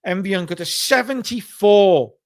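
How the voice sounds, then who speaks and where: Man, higher voice, casual chatty game narration, wrestling sim recap. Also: moderate pace. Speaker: game commentator.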